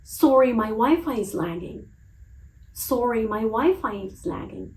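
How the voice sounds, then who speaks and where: High, lively woman teaching phrases. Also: slight background noise, low-quality recording. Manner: slow, careful, clearly pronounced English phrases. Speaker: English teacher. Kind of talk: reading a phrase lesson, each phrase in Japanese then twice in English.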